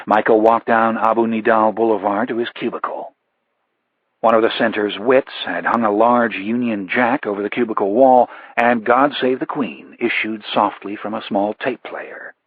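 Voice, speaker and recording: A man narrating a thriller audiobook in a measured, even delivery. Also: on the low side, husky, no room sound, narrow, tinny audio. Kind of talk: scripted narration.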